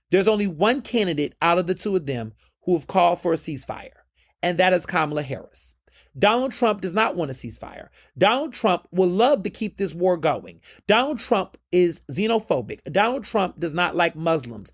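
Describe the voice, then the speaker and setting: A man hosting a podcast, delivering a fiery, profane political monologue. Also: sits high. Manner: fiery, profane, lively and emphatic. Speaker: podcast host.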